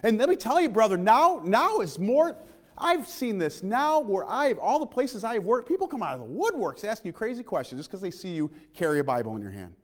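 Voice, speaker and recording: An impassioned male preacher whose high voice leaps up and down as he swings from shouted declarations to near-whispers. He keeps putting questions to the congregation. The sound carries a long reverb through the church hall. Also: big pitch swings, fairly quick. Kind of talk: sermon.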